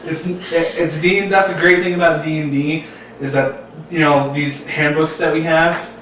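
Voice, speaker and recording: A man's voice: fairly high pitch, level tone, a little slow, fairly bright tone, slight background noise. A man chatting as a player at a tabletop game, laughing often and restarting his sentences. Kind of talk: casual tabletop game chat. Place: home room, filmed on camera. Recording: echoey room from a distant mic.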